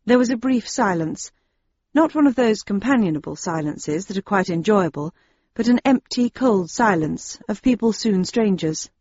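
Woman narrator, wry and expressive, slightly husky, dull dry booth sound. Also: medium pitch, moderate pace, no echo. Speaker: audiobook narrator. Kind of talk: first-person audiobook narration.

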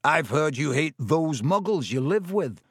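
A man voicing a stout, stubborn schoolboy who talks slowly and solemnly in a hushed, conspiratorial way. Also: fairly high pitch, sing-song, slightly rough, dry recording, clean studio sound, pitched above the performer's own voice, exaggerated voice. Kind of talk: audiobook character voice.

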